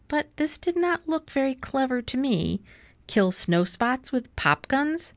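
A woman reading a children's storybook aloud as narrator in a measured way. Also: sits high, big pitch swings, no echo.

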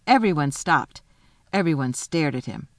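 A woman reading a children's novel aloud in a lively, expressive storytelling manner. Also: low voice, moderate pace, no echo, clean studio sound. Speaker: reader.

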